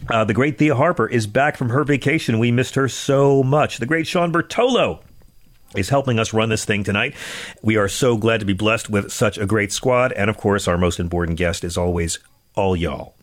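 A man hosting a political talk radio show, sarcastic and joking, a little out of breath, stammering into quick restarts. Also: fairly low pitch, no room sound.

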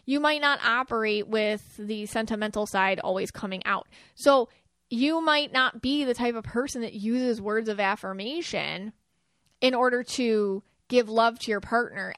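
A woman's voice: fairly high pitch, fairly bright tone, clear, resonant tone, dry recording, clean studio sound. A woman hosting a podcast, talking casually with many fillers and acting out quoted lines. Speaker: podcast host. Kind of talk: casual spiritual podcast talk.

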